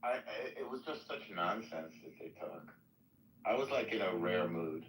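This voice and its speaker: A man's voice: low voice, animated, moderate pace, fairly bright tone, a little hiss or hum, low-quality recording. A man hosting a casual online audio chat room, joking and teasing in a loose way.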